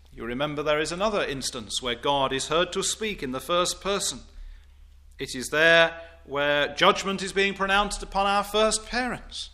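A man preaching a sermon, deliberate and emphatic, with formal, old-fashioned wording and rising declamation on scripture quotes. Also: a little high, bright, forceful tone.

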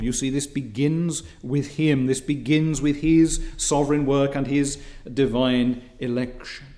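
A man preaching a sermon in a measured, repetitive cadence that builds in emphasis, with occasional hesitant fillers. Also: medium pitch, warm tone.

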